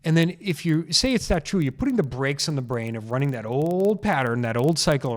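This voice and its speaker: A man's voice: fairly high pitch, sing-song, brisk, few pauses. A man hosting a solo health podcast, talking into a microphone in an earnest, casual way and repeating key phrases for emphasis. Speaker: chiropractor podcast host.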